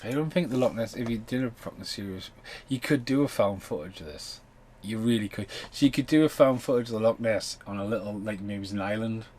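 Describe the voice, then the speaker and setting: A man's voice: on the low side, fairly quick, a little mellow, poor audio. A man hosting a podcast and commenting on a film while it plays, rambling and swearing in a loose, casual way. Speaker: podcast host.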